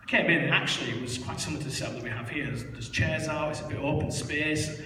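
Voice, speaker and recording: A man's voice: on the high side, fast, background noise. A young man tells his life story in church, candid and self-mocking, with many fillers. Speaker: church member giving testimony. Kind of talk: personal testimony in church. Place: large church hall. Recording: echoey hall, voice heard from far off.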